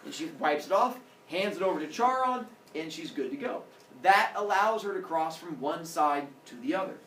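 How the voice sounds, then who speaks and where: A male teacher telling a story to his class in an animated way, acting out characters with sound effects. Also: fairly high pitch, normal speed, slight background noise. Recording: echoey classroom from far off.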